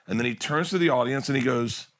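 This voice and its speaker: A man's voice: medium pitch, fast, fairly bright tone. A male comedian in casual conversation, animatedly acting out quotes in a profane story. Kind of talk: casual chat.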